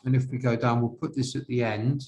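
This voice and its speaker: A man teaching as an IELTS examiner, correcting an essay step by step and asking viewers questions, with slow, halting speech. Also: medium pitch, steady tone, a little mellow. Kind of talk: classroom-style essay correction.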